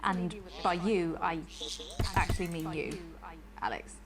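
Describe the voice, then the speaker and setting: A woman's voice: fairly low pitch, fairly even intonation, measured pace, natural voice. A woman playing a polished TV news anchor whose sign-off turns creepily intimate, with a posh voice. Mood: smooth. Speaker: news presenter. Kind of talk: live broadcast sign-off, in character.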